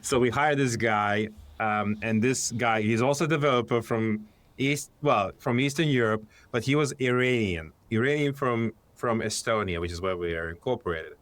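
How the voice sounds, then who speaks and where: A man with a mid-range voice talks as a guest on a podcast, easygoing and conversational. He pauses now and then to find his words, and the recording is dry with no room sound. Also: medium pitch, no room sound. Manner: relaxed, searching for words, a few restarts. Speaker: company founder, podcast guest. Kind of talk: casual interview conversation.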